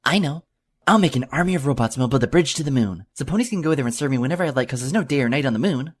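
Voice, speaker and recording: A man's voice: a little high, very animated, normal speed, husky, voice pushed up. A man reading an audiobook, voicing a mischievous, playful young filly pony with a chirpy, teasing manner.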